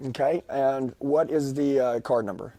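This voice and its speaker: A man making a rambling, insistent sales pitch over the phone to a customer. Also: a little slow, warm tone. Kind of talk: high-pressure sales pitch.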